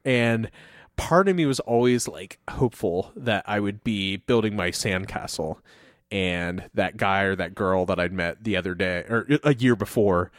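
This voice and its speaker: Low-ish voiced guy from ohio rambling on a podcast, lots of likes and ums, dry close mic. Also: a little slow, no echo. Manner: rambling, full of fillers and laughter. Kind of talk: casual conversation.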